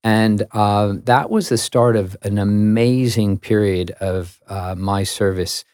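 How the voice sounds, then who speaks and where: Middle-aged American man, lowish dry voice, chatty self-mocking guest storyteller. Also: slow, dry recording. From United States. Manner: lively, self-mocking, stammering restarts. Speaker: interview guest. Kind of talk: casual storytelling in a radio interview.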